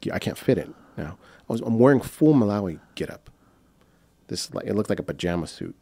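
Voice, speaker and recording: Husky low-voiced man telling a story. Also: lively intonation, a little fast, warm tone, dry recording. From United States. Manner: rambling, many fillers and restarts; acts out quoted voices. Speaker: guest. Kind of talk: casual storytelling.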